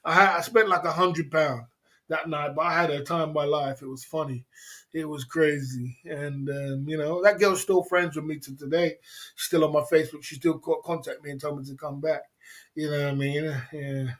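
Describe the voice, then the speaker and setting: Guy rambling on his livestream, laughing thru stories, kinda high voice. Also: steady tone, normal speed, fairly bright tone. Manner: reads viewer comments aloud. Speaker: livestream host. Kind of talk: casual livestream chat.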